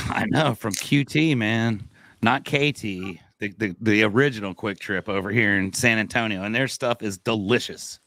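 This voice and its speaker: A man's voice: on the low side, a little slow, a bit bright, dry recording. A man hosting a casual company podcast over a video call, upbeat and joking as he hypes up his coworkers. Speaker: podcast host.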